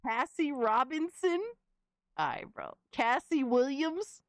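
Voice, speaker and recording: Young woman streamer, slangy and exclamatory, unhurried, highish voice, dry close sound. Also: no room sound. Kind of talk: casual live-stream reaction.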